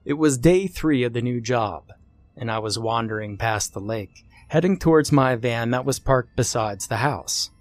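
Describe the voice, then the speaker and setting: A man telling a first-person horror story, expressive and acting out the dialogue. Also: medium pitch, normal speed, dry recording.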